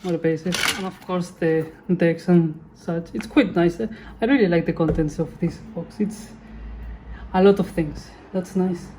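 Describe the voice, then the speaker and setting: Brief: woman host, casual unboxing chat, corrects herself as she goes, mellow low voice. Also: unhurried, a little hiss or hum. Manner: chatty, often corrects herself. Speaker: channel host.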